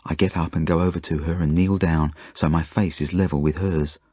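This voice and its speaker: This audiobook has an Australian author narrating his novel in the first person, his husky low voice steady, earnest and unadorned. He goes a little fast, with a dark tone, and the recording is dry and close-miked.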